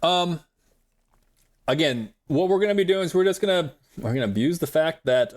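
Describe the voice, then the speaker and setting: A man's voice: a little high, animated, moderate pace. A young man chatting rambly to his viewers while playing a game live, talking into a desk mic. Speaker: streamer. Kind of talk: live gameplay commentary.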